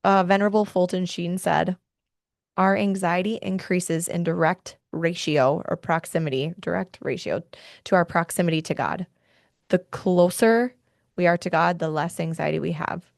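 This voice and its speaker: Young female podcast host, low and gravelly, dry close sound, earnest and heartfelt delivery. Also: steady tone, moderate pace, dry recording. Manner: earnest, heartfelt, gets worked up. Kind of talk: faith-based wellness talk.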